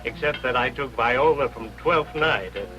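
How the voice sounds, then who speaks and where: A man's voice: mid-range voice, normal speed, bright, forceful tone, faint music behind, lightly acted. An actor playing a folksy, plainspoken older doorman in an old radio drama. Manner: folksy, ungrammatical slang. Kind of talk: 1950s radio drama acting. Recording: dull lo-fi old radio recording.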